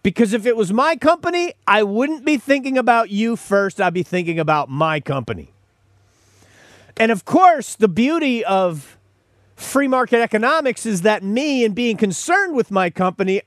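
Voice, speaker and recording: A man's voice: high-pitched, animated, normal speed, dry recording, clean studio sound. A man hosting a podcast, delivering a sarcastic, opinionated commentary monologue. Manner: sarcastic, mocking, mimics callers and corporate statements. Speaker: podcast host.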